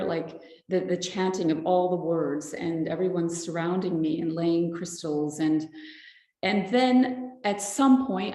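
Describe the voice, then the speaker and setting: A woman guest on a podcast, sharing a personal testimony in a halting, reflective way with many fillers, audibly emotional. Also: lowish voice, mellow. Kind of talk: personal testimony, casual talk. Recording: roomy echo.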